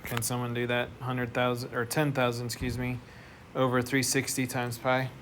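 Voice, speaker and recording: A man's voice: medium pitch, monotone, moderate pace. A man teaching a math class, explaining step by step and asking the students questions. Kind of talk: classroom lecture. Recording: noisy classroom recording.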